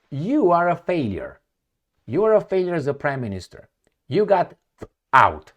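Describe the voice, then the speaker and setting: A man reading news aloud and reacting with heated sarcasm, often searching for words and repeating himself as he goes. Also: a little high. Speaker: political commentator.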